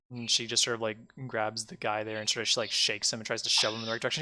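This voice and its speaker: Rambling game-master man, bright voice. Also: fairly low pitch, little pitch movement, rapid-fire, hardly any pauses. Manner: loose, rambling, filler-heavy. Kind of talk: narrating a tabletop game.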